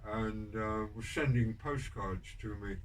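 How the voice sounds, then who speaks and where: A rambling older man with a lowish voice takes his time telling prison stories as a guest in a casual podcast interview. Many ums and restarts mark his speech, along with dry, wry humor, and the distant mic picks up background noise.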